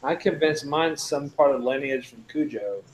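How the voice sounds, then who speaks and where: A man hosting a casual chat stream, rambling and animated, swearing offhandedly. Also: medium pitch, moderate pace, a little hiss or hum, poor audio. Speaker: host.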